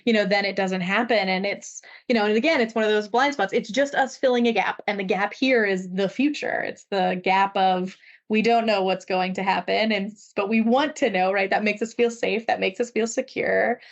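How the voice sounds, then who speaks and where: A woman's voice: mid-range voice, fairly even intonation, moderate pace. Woman explaining ideas over a dull mic. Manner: explanatory, frequent "right?" and "like" fillers. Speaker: podcast co-host. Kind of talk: conversational podcast discussion.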